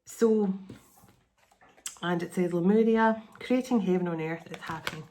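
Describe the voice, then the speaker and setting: A middle-aged woman reads tarot and oracle cards for an online audience. Her voice sits somewhat low, and her delivery meanders, repeating phrases in an earnest, reassuring manner. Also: measured pace, dark tone, a little hiss or hum. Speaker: tarot and oracle card reader. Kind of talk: channeled spiritual card reading.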